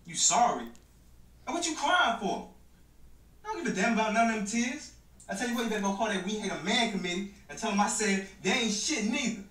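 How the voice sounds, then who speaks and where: A man's voice: high voice, animated, brisk, fairly bright tone. A man playing an arrogant boyfriend who insults his girlfriend in an acted relationship skit. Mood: contemptuous. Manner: taunting, sneering, confrontational. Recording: roomy, distant room sound.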